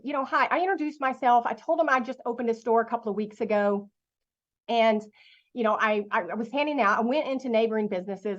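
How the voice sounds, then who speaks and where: A middle-aged woman giving a motivational talk to an online audience, telling a lively story and asking her listeners questions. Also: on the high side, dull audio. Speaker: guest speaker.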